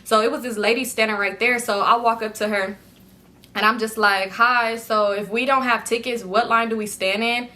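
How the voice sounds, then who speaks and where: A young woman telling a casual storytime to her viewers, animated and slangy, often breaking into laughter. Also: a little high, moderate pace.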